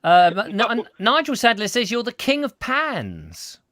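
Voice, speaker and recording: A punning man hosting a comic live-stream chat. His bright, slightly high voice jumps all over the place, and the sound is close and dry. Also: huge pitch swings, dry recording. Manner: playful, punning, quick to laugh. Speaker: chat show host.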